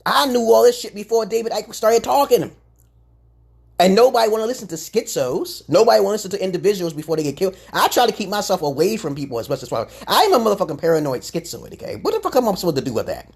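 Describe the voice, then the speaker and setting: Husky profane man ranting loud then low. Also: very animated, fast. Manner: profane, confrontational, swinging between loud outbursts and low mutters. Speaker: livestream host. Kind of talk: ranting livestream monologue.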